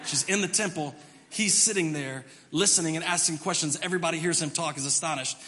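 High-voiced, animated preacher in a reverberant church. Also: male voice, quick pace. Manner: animated storytelling with acted-out voices. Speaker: pastor. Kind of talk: sermon. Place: church sanctuary.

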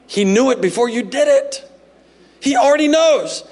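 A man preaching a sermon as pastor, animated and jokey, acting out little scenes in voices. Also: very high voice, moderate pace. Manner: animated, jokey, acts out parents and God in voices.

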